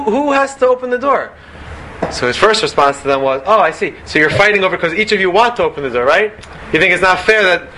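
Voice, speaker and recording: A man giving an animated Torah lecture, full of rhetorical questions and Hebrew and Yiddish terms. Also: high-pitched, a little hiss or hum. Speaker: rabbi giving a Torah talk.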